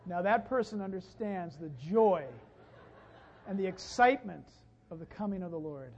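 A man preaching a sermon as pastor, animated and punchy, with emphatic rises and wry jokes. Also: high-pitched, moderate pace, slight background noise. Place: church sanctuary. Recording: lo-fi, dull, long reverb from a church hall.

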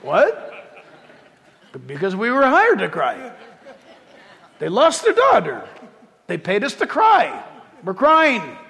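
Brief: whiny, defensive hired mourners, male, high voiced, put on by a preacher, big reverberant hall. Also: huge pitch swings, extremely slow, gravelly, heavily acted. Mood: laughing, defensive.

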